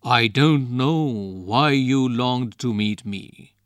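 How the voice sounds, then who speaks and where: A man voicing a lying, scornful male ghost who speaks slowly and coaxingly. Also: mid-range voice, clean tone, no echo, clean studio sound, lightly acted. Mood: sulky.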